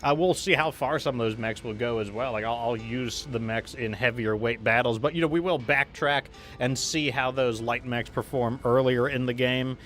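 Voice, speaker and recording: This male streamer talks at a normal speed with hardly any pauses, his mid-range voice fairly bright over faint background music. Gaming live, he rambles through casual chat full of fillers and false starts, reading out messages from viewers.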